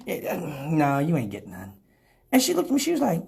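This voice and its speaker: A man hosting a live show, telling a story in casual, profane talk that swings from loud exclamations to low mutters. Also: huge pitch swings, a little fast, creaky, husky. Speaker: radio show host.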